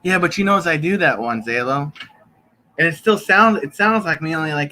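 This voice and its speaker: A man's voice: fairly high pitch, expressive, normal speed, pushed and bright, slight background noise, low-quality recording. Rambling young male streamer. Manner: rambling, joking, profane. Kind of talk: casual live-stream chat. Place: bedroom.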